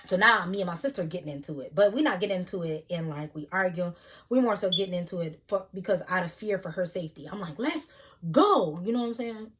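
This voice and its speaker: A young woman telling a heated storytime vlog, animated, with loud bursts. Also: fairly low pitch, quick pace. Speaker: vlogger.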